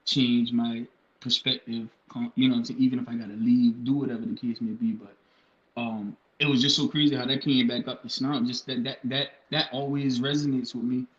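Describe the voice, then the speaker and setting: Animated man, echoey dull recording. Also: brisk. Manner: animated, jumps into high-pitched acted bits. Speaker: podcast co-host. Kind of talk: casual podcast chat. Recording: echoey room, dull lo-fi sound.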